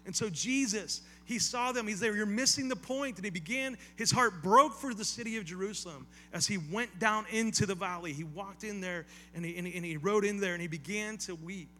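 A man's voice: high voice, brisk, hardly any pauses, sharp tone, slight background noise. A male pastor preaching a sermon in a conversational style, with casual asides and repeated phrases that build to emphatic calls.

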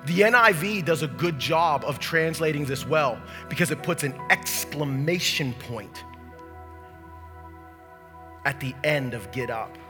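A man pastor preaching a sermon to his church, moving from quiet teaching to shouted preaching. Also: fairly high pitch, expressive, measured pace, over music. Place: church sanctuary. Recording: long reverb of a large hall.

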